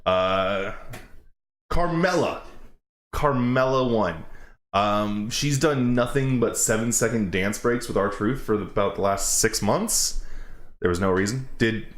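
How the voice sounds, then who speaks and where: A man's voice: on the low side, slow pace. A man hosting a casual reaction chat, ranting and sarcastic. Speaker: host. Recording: roomy echo.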